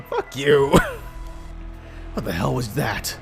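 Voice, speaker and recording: A man doing casual gameplay commentary as a streamer, reacting excitably and laughing often. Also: medium pitch, slow, gravelly, music in the background.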